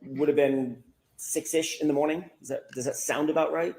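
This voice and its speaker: A man's voice: a little high, fairly even intonation, darkish tone, reverberant, rough recording. Man questioning a witness in court. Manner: measured, methodical questioning. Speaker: trial attorney.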